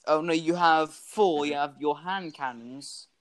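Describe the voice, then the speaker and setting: A man narrating a tabletop game as game master for a podcast, in a loose, rambling way full of fillers and sudden loud bursts. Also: on the high side, a little slow.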